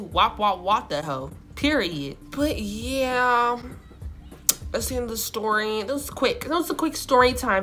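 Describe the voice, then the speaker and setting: A young woman vlogger telling a storytime in a casual, animated, slangy way, acting out quotes. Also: a little high. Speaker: YouTuber.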